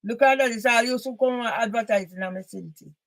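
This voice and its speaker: Angry high-voiced woman ranting. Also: a little fast. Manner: angry and confrontational, repeated emphatic loud bursts. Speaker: author and campaigner. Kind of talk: ranting monologue addressed to one person.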